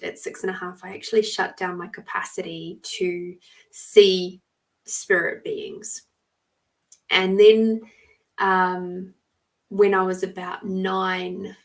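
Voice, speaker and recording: A woman's voice: on the low side, far from the mic. A woman, hosting a live stream, telling a rambling personal story and greeting viewers as she goes. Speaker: podcast host giving live readings.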